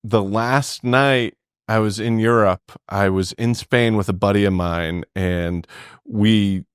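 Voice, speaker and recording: A man's voice: fairly low pitch, slow, smooth, no room sound, clean studio sound. A man in casual podcast chat, telling a long rambling story packed with "like" fillers.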